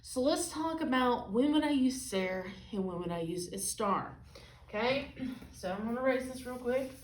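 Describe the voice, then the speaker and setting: A woman's voice: on the high side, animated, moderate pace, recorded from a distance. A woman teaching a Spanish lesson at a whiteboard, asking "okay?" after nearly every phrase. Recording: echoey room, voice from off-mic.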